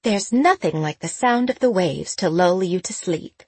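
Elderly aunt, blunt, fussing, audiobook, husky, lowish, woman reader. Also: animated, moderate pace, no room sound.

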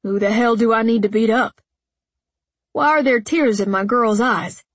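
Woman voicing a protective rancher dad, husky. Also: fairly high pitch, normal speed, no room sound, lightly acted. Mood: angry. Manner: blunt, threatening when angry, tender with his daughter. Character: protective middle-aged male rancher father, quick-tempered. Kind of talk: audiobook character voice.

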